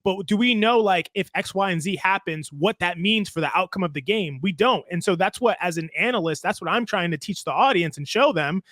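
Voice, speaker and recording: A man co-hosting a sports podcast, recorded dry and close with no room sound. His voice sits a little high, and he walks through his ideas step by step, repeating phrases as he builds each point. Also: fairly quick, few pauses, fairly bright tone, dry recording. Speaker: podcast co-host, basketball analyst. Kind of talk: casual podcast chat.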